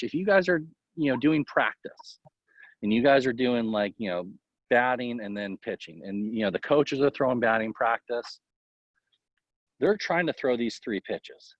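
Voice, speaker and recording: A man who is a baseball coach, talking casually in an interview and giving tips in a rambling, animated way full of fillers. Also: mid-range voice, dry recording. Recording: dull, lo-fi, dry sound.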